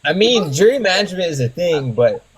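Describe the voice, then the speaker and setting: A man hosting a casual live stream, relaxed and asking his guests questions. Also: high voice, fairly quick, low-quality recording.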